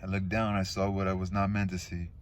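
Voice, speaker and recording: Guy reading a book out loud, deep flat voice, trips on words now and then. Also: brisk, slight background noise. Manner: unpolished reading with stumbles and asides. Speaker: reader of a novel aloud. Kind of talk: casual read-aloud of a novel.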